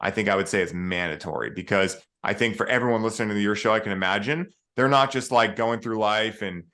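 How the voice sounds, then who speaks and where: A man's voice: on the low side, quick pace, bright, forceful tone. A man speaking as a podcast guest in casual conversation, earnest and spiritual, with the odd swear word.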